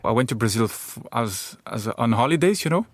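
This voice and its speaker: A man's voice: medium pitch, lively intonation, brisk, no echo, clean studio sound. A middle-aged man from France with a French accent, a comedian chatting in an interview, hesitant and repeating words as he jokes. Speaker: comedian guest. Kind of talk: casual interview chat. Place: radio studio.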